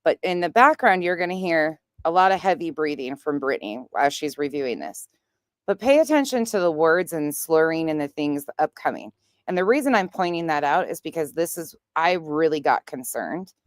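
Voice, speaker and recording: Brief: woman, low and smooth voice, dry close sound, blunt and mocking commentator. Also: animated, moderate pace, dry recording. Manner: blunt, sarcastic. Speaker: commentary streamer. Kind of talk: reaction commentary.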